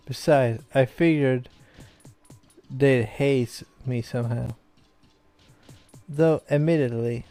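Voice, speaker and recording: A young gaming host from Sweden, tipsy on beer, plays a visual novel and reads it aloud, rambling casually through his let's play commentary with many fillers. He has a dark, medium-pitched voice, and there is no echo.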